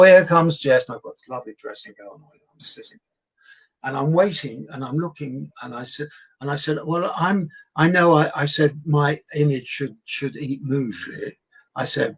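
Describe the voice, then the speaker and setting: Gravelly older man telling stories. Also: a little high, poor audio. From England. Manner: animated storyteller, acts out quoted voices. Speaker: guest entertainer. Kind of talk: anecdotal chat.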